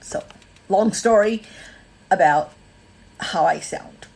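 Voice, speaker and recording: Her voice is mid-range, slow, gravelly and somewhat dark with a breathy edge, captured in a low-quality recording. She's a woman from Malaysia whose accent is mostly American with a bit of Australian, chatting casually on a livestream, full of ums and calling out viewers by name.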